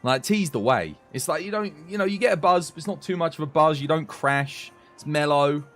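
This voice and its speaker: A man's voice: on the high side, brisk, fairly bright tone, faint music behind. Chatty British man streaming. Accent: British English. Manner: chatty and rambling, swears casually. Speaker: game streamer chatting with viewers. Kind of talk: casual livestream chat.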